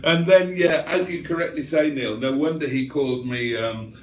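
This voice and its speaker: A man's voice: on the high side, fairly even intonation, moderate pace, roomy sound. A man hosting a livestream, reading viewer comments aloud in a casual, chatty way and chuckling often. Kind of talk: casual chat.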